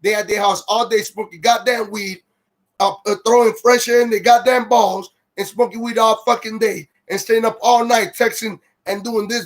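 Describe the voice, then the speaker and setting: This is a ranting livestream monologue from a man with a high-pitched voice, full of profanity and heat. He hosts the stream himself and breaks off often to read comments out loud, then picks the tirade back up.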